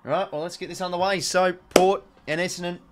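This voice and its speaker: A man's voice: sits high, fairly quick, heavy background noise. An Australian man hosting a live football watch-along, commentating casually and chatting with viewers. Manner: chatty, reads chat aloud, excited on goals. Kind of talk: casual play-by-play commentary and chat.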